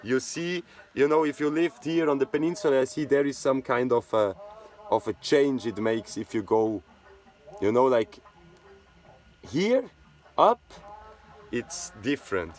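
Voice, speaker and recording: With an animated, darkish medium-pitched voice, a Swiss man speaks at a measured pace and leaves long pauses. A native Swiss German speaker with a matching accent, he rambles through a casual history talk and keeps adding "yeah?" as a tag question.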